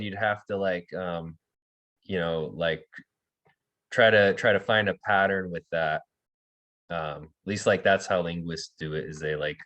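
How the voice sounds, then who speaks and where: A man's voice: sits low, a bit bright, dull audio. A man teaching an online language class, calling on students by name, repeating words for them and explaining with many fillers and restarts.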